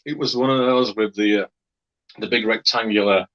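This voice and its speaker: A man's voice: on the low side, fairly even intonation, normal speed, highs cut off. A man from Wakefield, England, telling a story in a casual, rambling way, with many fillers and hesitations. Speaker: interviewee.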